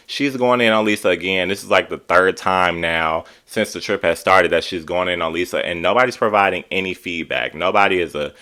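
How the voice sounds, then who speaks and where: A man recaps a reality TV episode in casual, sassy commentary, emphatic and exasperated. His voice is very low. His tone is sharp and forceful.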